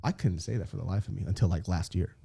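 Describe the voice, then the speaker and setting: A man's voice: low-pitched, fast, creaky, slightly rough. A man in his thirties, a comedian being interviewed, telling candid stories with lots of laughing, swearing and acted-out quotes. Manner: animated storyteller, swears freely, laughs often, acts out quotes. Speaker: guest comedian.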